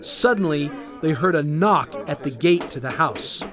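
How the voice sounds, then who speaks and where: An expressive children's storyteller reading a scripted Bible tale aloud. The voice rises and falls with very lively pitch at a middling register. Faint music runs underneath. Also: measured pace. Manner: animated, expressive read-aloud.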